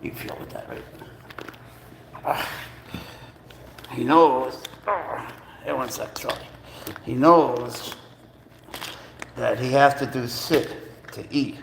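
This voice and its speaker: A man's voice: mid-range voice, measured pace, creaky, pauses often, slight background noise. A man hosting a casual live stream, talking playfully and coaxingly to his pet cat and calling it bro. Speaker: pet owner and channel host.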